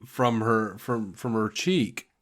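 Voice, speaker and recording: A man's voice: lowish voice, slow. A man co-hosting a podcast in casual chat, talking with eager enthusiasm about favorite moments. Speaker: podcast co-host. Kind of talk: casual chat reviewing a TV episode.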